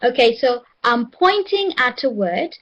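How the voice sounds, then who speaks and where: A woman teaching an English pronunciation lesson, encouraging and repeating words slowly for the class. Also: fairly high pitch, big pitch swings, a bit bright, dull audio.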